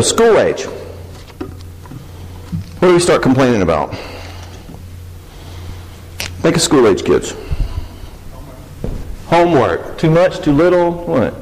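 A man's voice: medium pitch, darkish tone. A man giving a church teaching talk on marriage, joking and asking the audience questions. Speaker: speaker on faith and marriage. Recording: long hall reverb.

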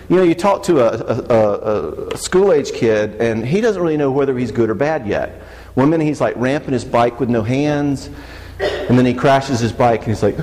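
Lively man teaching in a reverberant hall. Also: mid-range voice. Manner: lively, joking, asks the audience questions. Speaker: speaker on faith and marriage. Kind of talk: church teaching talk.

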